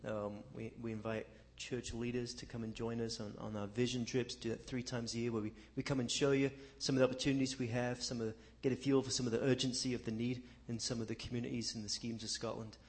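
Guy on a church panel, flat even voice, lots of ums. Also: medium pitch, fast talker, few pauses. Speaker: ministry representative.

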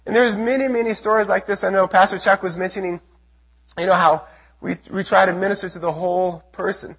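A man from the United States giving an earnest testimony sermon to a church as a missionary speaker, telling his story with a husky voice. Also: high voice, steady tone, brisk, fairly bright tone. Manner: earnest storytelling, acts out his own prayers and quotes.

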